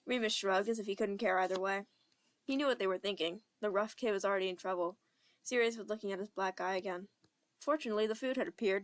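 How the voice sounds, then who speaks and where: Young woman, fan audiobook narrator, steady, plain, amateur reading. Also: medium pitch. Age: young adult.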